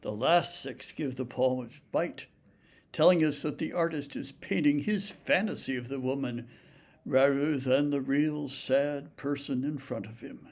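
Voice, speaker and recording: Male lecturer, slow and gravelly, measured explanatory delivery, reads poems deliberately. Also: mid-range voice, darkish tone. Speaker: literature lecturer. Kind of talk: recorded lecture with poetry reading.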